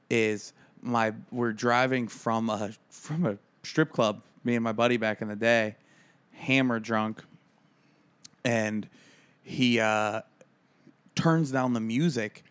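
A man in his own casual podcast chat, telling stories in an animated way. He stammers and restarts often and jumps up for quoted lines. His voice sits in a middle register for a man. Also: mid-range voice. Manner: animated storyteller, acts out quotes loudly. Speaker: podcast co-host.

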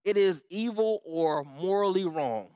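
A pastor preaching a conversational sermon, repeating key words for emphasis and checking in with the congregation. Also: male voice, high-pitched, expressive, unhurried, mellow, smooth, no room sound. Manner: repetitive, emphatic phrasing.

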